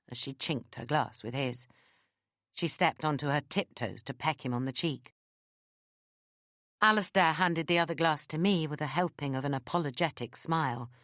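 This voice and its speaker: Low-voiced woman narrating an audiobook. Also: dry recording, clean studio sound. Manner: lively first-person storytelling.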